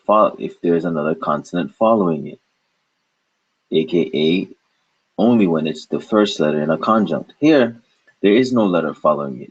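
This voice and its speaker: A man's voice: deep voice, slightly rough. A man teaching a recorded language lesson, explaining patiently and asking and answering his own questions. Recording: dull lo-fi recording.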